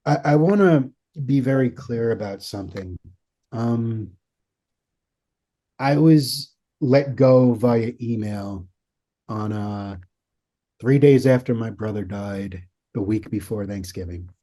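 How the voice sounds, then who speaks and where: A man guest in an interview, telling his story earnestly and measured, with an occasional swear for emphasis. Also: on the low side, mellow, no echo. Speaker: guest, author and producer.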